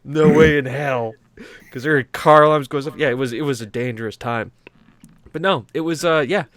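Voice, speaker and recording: An American man co-hosting a casual gaming podcast. He tells rambling stories, swears freely and laughs often, in a voice of ordinary pitch. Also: brisk, fairly bright tone, dry recording. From United States. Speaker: podcast co-host. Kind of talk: casual chat.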